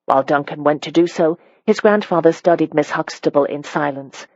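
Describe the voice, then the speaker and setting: An audiobook narrator reading a period romance in a measured, wry storytelling manner. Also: medium pitch, a little mellow, dry recording, lo-fi sound.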